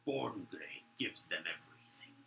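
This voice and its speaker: A man voicing scheming male lizardfolk guards who whisper and then shout. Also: low-pitched, expressive, a little slow, gravelly, heavily acted. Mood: bickering. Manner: swings between hushed whispers and sudden shouts. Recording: roomy echo, faint noise.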